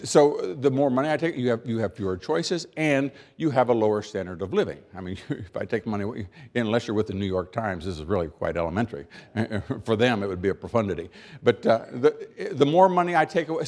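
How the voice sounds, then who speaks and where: American guy doing a keynote, medium pitch, dry jokes, repeats lines for punch. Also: a little mellow. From United States. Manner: emphatic, dry humor, pauses for effect; rhetorical questions and repeated build-ups. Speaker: keynote speaker. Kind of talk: keynote speech.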